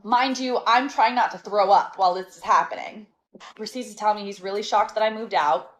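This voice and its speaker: A woman telling a storytime in a casual, animated and sassy way, exasperated and laughing between lines. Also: mid-range voice, fairly quick, rough recording.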